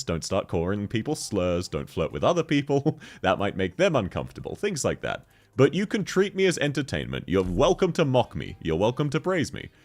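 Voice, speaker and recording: A man's voice: mid-range voice, darkish tone. A young man chatting casually on a game livestream, joking, laughing often and reading chat messages aloud. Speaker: streamer.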